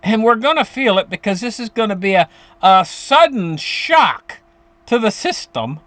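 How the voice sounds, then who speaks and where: A man with a high, lively voice that leaps up and down as he explains money matters straight to his viewers. He rambles, doubles back on his sentences and chuckles now and then. It sounds casual and unscripted. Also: measured pace, no room sound. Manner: animated, rambling with restarts and chuckles. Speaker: finance commentator.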